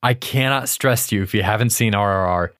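A man's voice: fairly low pitch, a little fast, fairly bright tone. A man co-hosting a podcast in casual movie chat, laid-back and joking, with frequent swearing. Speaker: podcast co-host.

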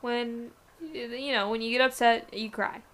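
A woman's voice: fairly high pitch, fairly even intonation, moderate pace, fairly bright tone. A young woman co-hosting a podcast, chatting casually and rambling with lots of filler words. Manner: laughs often. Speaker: podcast co-host. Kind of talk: casual chat.

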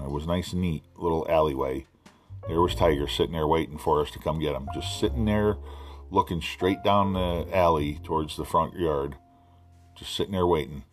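A middle-aged man hosting a podcast, telling animated, profane stories in a casual way. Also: extremely low pitch. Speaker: podcast host. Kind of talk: casual storytelling.

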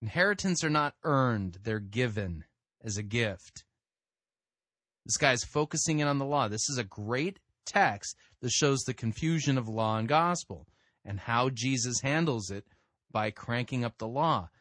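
A man's voice: medium pitch, expressive, measured pace, a bit bright, dry recording. A man hosting a sermon-review program, cutting in with blunt corrections and explaining the text. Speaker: podcast host reviewing sermons. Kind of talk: critical commentary.

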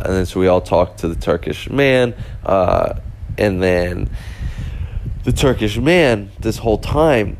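A man's voice: lowish voice, darkish tone, slight background noise. A young man casually telling a rambling story, full of fillers and restarts. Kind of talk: casual anecdote.

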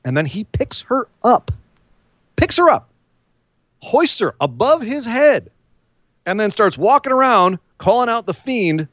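Animated man recapping wrestling. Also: on the high side, dry recording, lo-fi sound. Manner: animated storytelling with quoted voices. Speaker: podcast co-host. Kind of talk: casual wrestling recap chat.

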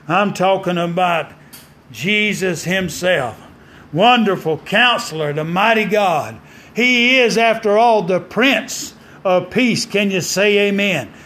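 Male preacher, pitched high, fervent and emphatic, pauses for effect, light background hum. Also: a bit bright. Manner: fervent, call-and-response preaching; dramatic pauses and emphatic quoting of scripture. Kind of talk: sermon.

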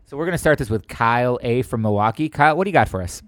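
A man's voice: mid-range voice, rapid-fire, no echo. A man co-hosting a casual chat, telling stories and acting out the people he quotes. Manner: animated, acts out quoted voices.

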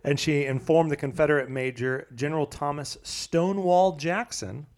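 A man co-hosting a casual podcast, telling a history story in a halting way with many fillers and restarts. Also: fairly high pitch. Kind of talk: casual chat.

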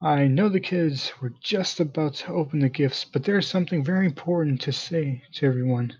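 A man's voice: fairly high pitch, moderate pace, darkish tone, husky. A man voicing a nervous grown uncle who has bad news to share, speaking hesitantly in a dull lo-fi recording.

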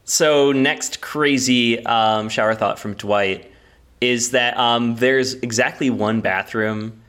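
A man co-hosting a casual comedy podcast, rambling through goofy bits with plenty of ums and likes. His voice sits at an ordinary middle pitch. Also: steady tone, slow, a bit bright, clear, resonant tone. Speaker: podcast co-host.

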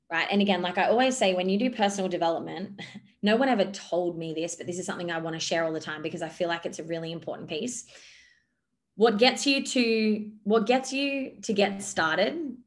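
A woman coaching on a podcast, talking loosely with many fillers and describing gestures as she goes. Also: fairly low pitch. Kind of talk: podcast monologue.

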